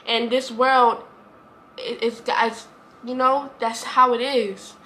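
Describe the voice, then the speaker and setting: A woman's voice: on the high side, flat delivery, takes it slowly, a bit bright, a little hiss or hum. A woman, talking earnestly to camera in a rambling, repetitive way. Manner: earnest, rambling, repeats herself. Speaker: vlogger. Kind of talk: heartfelt casual talk to camera.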